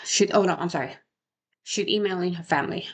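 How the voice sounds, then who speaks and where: A young woman with a lowish voice talks fairly quickly through a true crime case in casual chat. She rambles, corrects herself, and keeps throwing out rhetorical questions.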